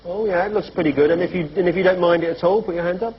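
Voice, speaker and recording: Brisk host of a comedy panel show. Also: male voice, sits high, fairly even intonation, slightly rough. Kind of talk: comic studio chat. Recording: muffled TV recording with faint background noise.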